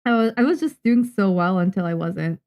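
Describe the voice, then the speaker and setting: A young Japanese woman, a manga artist, chatting casually on a livestream while she draws, muttering and calming herself down. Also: medium pitch, fairly quick, clean tone. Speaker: manga artist streaming her drawing.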